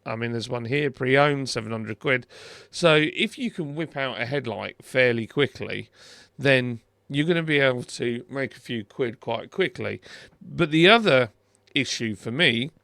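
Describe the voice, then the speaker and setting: A middle-aged British man talks through a screen recording in a relaxed, wry way, stumbling and restarting as he goes. His voice is bright and forceful with a gravelly fry underneath. The sound is dry and close, with no room around it. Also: medium pitch, measured pace, no room sound. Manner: chatty and wry, with many fillers and restarts. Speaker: car video host. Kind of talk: casual commentary over a screen recording.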